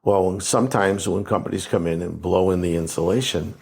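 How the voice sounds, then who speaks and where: A man's voice: low voice, brisk, gravelly, darkish tone, husky. A man being interviewed as a water damage and mold restoration expert, explaining things step by step in a practical, conversational way.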